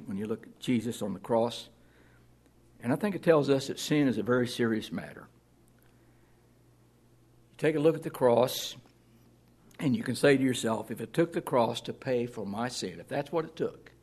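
Husky-voiced man preaching plainly. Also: medium pitch. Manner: earnest, plain-spoken preaching with scripture readings. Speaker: pastor. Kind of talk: sermon.

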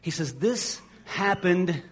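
A man's voice: high voice, lively intonation, slow pace, breathy edge. A man preaching a sermon as pastor, in a conversational way, often repeating words as he restarts a phrase and acting out the voices of people in the stories.

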